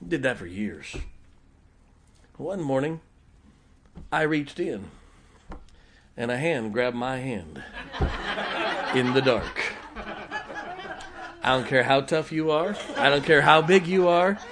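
A middle-aged man preaching a sermon in a folksy, humorous way, swinging from loud emphasis to quiet, intimate asides. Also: medium pitch, animated, takes it slowly, pauses often, noisy background. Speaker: pastor.

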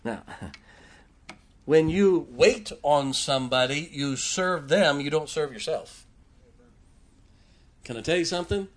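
A man's voice: fairly high pitch, lively intonation, slow pace, long pauses. A man preaching a sermon as pastor, telling folksy stories and joking with his congregation.

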